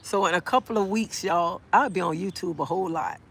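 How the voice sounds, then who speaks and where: Outspoken gravelly woman. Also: fairly low pitch, brisk. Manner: outspoken, animated; answers viewer comments. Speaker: livestreamer. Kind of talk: casual live-stream chat. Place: outdoor park.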